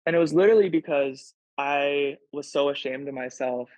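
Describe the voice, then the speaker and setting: A man's voice: on the high side, moderate pace, darkish tone, no echo. A man speaking as a podcast guest in casual conversation, earnest and emotional, with frequent "like" fillers. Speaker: podcast guest, pro volleyball player. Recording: dull lo-fi sound.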